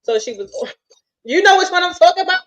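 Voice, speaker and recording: A woman's voice: very high-pitched, lively intonation, quick pace, poor audio. A woman in a casual chat, telling stories and often trailing off mid-sentence.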